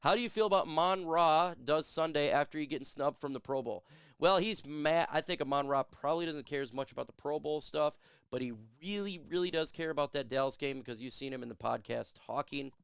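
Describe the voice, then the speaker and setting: A man's voice: medium pitch, creaky, fairly bright tone, clear, resonant tone, dry recording, clean studio sound. A man hosting a sports show, chatting casually and answering viewer questions in a joking, chatty way. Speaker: sports podcast host. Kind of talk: casual live Q&A chat.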